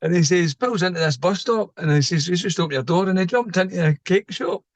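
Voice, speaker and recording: Middle-aged Scottish man, storytelling lorry driver, slightly high voice, dry close sound. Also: fairly quick, no room sound. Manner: animated anecdote-telling, voicing people in his story. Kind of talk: casual storytelling chat.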